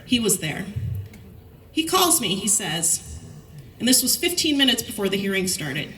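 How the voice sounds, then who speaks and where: Bright-voiced woman telling stories in an echoey hall. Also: on the high side, normal speed, distant mic, a little hiss or hum. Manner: storytelling, lively anecdotes with quoted dialogue. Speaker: commencement speaker. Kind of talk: commencement speech.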